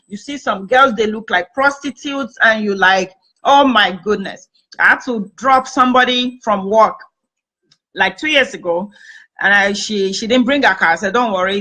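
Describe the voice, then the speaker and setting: A woman's voice: medium pitch, sharp tone, poor audio. A woman chatting on a talk show, earnestly giving advice and retelling conversations. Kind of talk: casual talk-show chat with storytelling.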